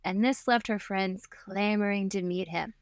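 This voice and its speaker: A woman's voice: medium pitch, a little slow, clear, resonant tone, no echo. Female co-host, playful and laughing storyteller, dry studio sound. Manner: giggly storyteller, playful asides. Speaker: podcast co-host. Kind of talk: casual history chat.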